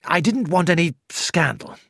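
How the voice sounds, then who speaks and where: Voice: medium pitch, expressive, moderate pace, vocal fry, a bit bright, breathy edge, no echo, studio quality, heavily acted. A reader voicing a nervous, defensive man who speaks in a trembling voice.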